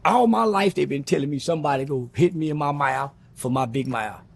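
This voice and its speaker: Slightly high and gravelly, a little rough around the edges, this middle-aged man's voice carries a story he tells as an interview guest. He rattles through it bluntly and profanely, performing what others said, in animated sit-down fashion.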